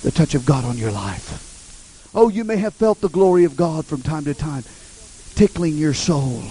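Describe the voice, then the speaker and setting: A man's voice: a little high, lively intonation, moderate pace, mellow, breathy edge, low-quality recording. A man preaching a sermon and telling a story with passion and many repetitions.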